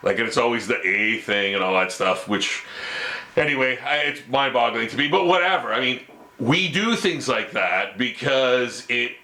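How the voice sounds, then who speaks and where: A man's voice: mid-range voice, animated, moderate pace, sharp tone, echoey room. A Canadian man ranting his opinions to camera, rambling and stammering through restarts. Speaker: vlogger.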